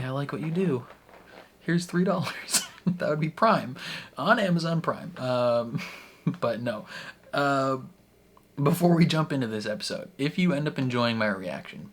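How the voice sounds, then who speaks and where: A man's voice: medium pitch, a bit bright. Chatty young man hosting a reaction. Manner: rambling, jokey, laughs between phrases. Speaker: reaction channel host. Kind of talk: casual chat to camera.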